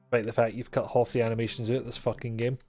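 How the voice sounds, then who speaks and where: A man's voice: medium pitch, little pitch movement, very fast, warm tone, soft background music. A man streaming a video game live, commenting in a sweary, exasperated and sarcastic way.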